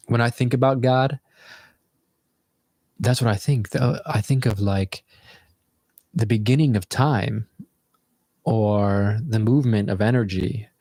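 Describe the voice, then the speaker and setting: Guy, lowish voice, dry close sound, rambling reflective stream host. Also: darkish tone, no room sound. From United States. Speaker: livestream host. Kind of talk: casual livestream chat.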